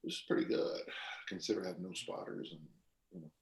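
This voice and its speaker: A man in his sixties, speaking as a guest on a podcast. His voice sits very low, and he wanders through anecdotes with plenty of fillers and restarts. The recording carries a roomy echo. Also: steady tone, quick pace, vocal fry, a crowd in the background. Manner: rambling storyteller with fillers and restarts. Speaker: guest strength coach. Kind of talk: casual podcast interview.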